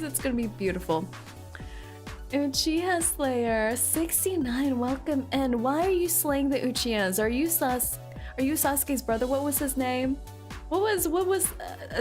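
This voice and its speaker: A woman VTuber streamer chatting casually with her chat. She is playful and teasing, with bursts of squealing excitement. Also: a little high. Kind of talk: casual livestream chat, reading chat aloud.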